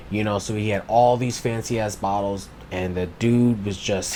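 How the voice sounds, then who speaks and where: A man's voice: fairly low pitch, a little slow, few pauses, darkish tone, a little hiss or hum. A man co-hosting a podcast, telling stories in loose, casual chat with heavy swearing. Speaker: podcast co-host.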